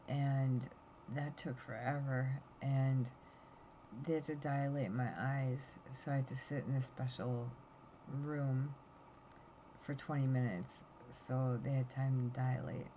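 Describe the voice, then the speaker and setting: A woman's voice: low voice, dark tone. A woman in her fifties rambling anxiously through a story as she chats to her phone camera, tired and yawning. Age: 50s. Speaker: vlogger. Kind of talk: casual chat to camera. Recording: dull lo-fi sound with faint noise.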